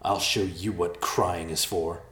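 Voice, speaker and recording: Man voicing a hot-headed young man, forceful, threatening, deep voice, roomy. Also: fairly even intonation, slow. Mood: angry. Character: angry young male brother, hot-headed. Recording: roomy echo.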